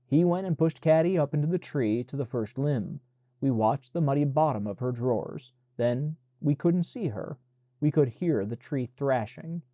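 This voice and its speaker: A man reading an audiobook in a measured, unhurried narration. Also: mid-range voice, animated, warm tone, no echo. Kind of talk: scripted narration.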